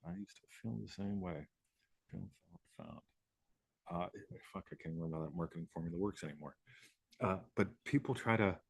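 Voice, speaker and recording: A man's voice: sits low, brisk, creaky, breathy edge, no room sound, studio quality. A man hosting a live show, talking casually in a rambling way, swearing and laughing often. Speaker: host.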